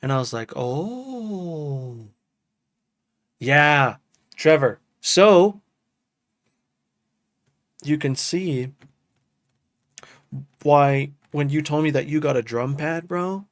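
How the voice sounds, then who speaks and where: A music producer with a slightly high voice chats casually with his livestream chat in a dry recording. He's loose and enthusiastic, often dropping "dude" and "bro."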